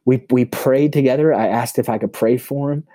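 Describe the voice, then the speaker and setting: A man with a warm, mellow voice tells stories in a podcast chat. He is a pastor with an outgoing manner who often stumbles and restarts his phrases. The recording is close and dry. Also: moderate pace, no room sound. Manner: self-described high extrovert. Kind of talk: personal storytelling in casual conversation.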